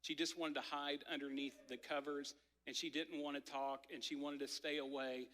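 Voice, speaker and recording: Man preaching in a church, chatty storyteller, bright ringing voice, long hall echo. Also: a little high, moderate pace. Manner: conversational, many "like" fillers, animated storytelling. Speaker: pastor. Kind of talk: sermon with personal story. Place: church sanctuary.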